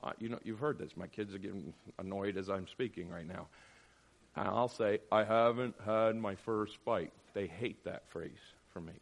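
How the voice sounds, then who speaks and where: A man's voice: sits low, moderate pace, gravelly. A middle-aged man teaching a Bible class, sarcastic and acting out the voices he quotes.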